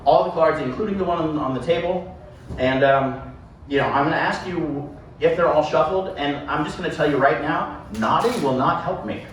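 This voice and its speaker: Joking sideshow performer in an echoey hall. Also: male voice, a little high, moderate pace. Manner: joking, self-deprecating, rambling patter. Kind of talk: live stage patter with a volunteer. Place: live show venue with audience. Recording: echoey room, distant mic, background noise.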